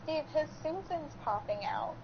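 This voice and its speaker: A woman's voice: sits high, expressive, normal speed, creaky, muffled recording, crowd noise. A woman co-hosting a casual podcast, giggly and bashful in her banter. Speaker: podcast co-host. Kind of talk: casual chat.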